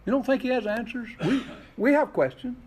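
A man's voice: very high-pitched, expressive, brisk, darkish tone, slight background noise. A man preaching a sermon, asking rhetorical questions and voicing the scripture he quotes with expression. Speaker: pastor.

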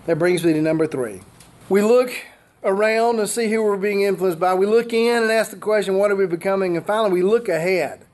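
A man's voice: high-pitched, brisk, darkish tone. An older man preaching a sermon as pastor, driving his points home with repeated rhetorical questions.

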